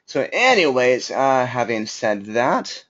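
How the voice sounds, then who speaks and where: A chatty man runs a live webinar, greeting his audience warmly and talking loosely with plenty of uhs. His voice sits at an ordinary pitch. The audio is slightly dull and lo-fi, picked up by a computer mic. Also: big pitch swings, slow pace. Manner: chatty, greets viewers, many fillers. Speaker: webinar host. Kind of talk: casual live webinar talk.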